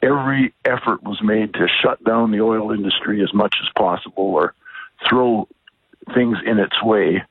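A man from British Columbia calling in to a radio talk show, speaking in a measured, thoughtful way with pauses and fillers. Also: fairly low pitch, fairly even intonation, no echo. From British Columbia, Canada. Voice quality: husky, gravelly. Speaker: caller. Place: outdoors on a bike ride. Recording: tinny dry phone line.

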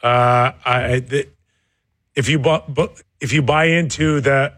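A man's voice: medium pitch, fairly even intonation, a bit bright, no room sound. A man co-hosting a sports talk show, asking questions and thinking aloud with frequent restarts. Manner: halting, questioning, restarts often. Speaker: sports radio co-host.

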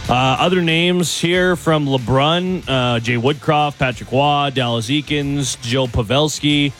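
A man's voice: fairly high pitch, a little slow, a bit bright, faint music behind. A man hosting a casual sports chat, easygoing as he leads the discussion. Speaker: host.

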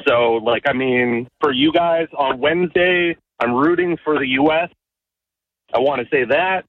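A man from Canada calling in to a sports radio show, earnest and halting, with lots of fillers. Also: mid-range voice, no echo. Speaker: caller. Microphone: phone. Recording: muffled phone-call audio.

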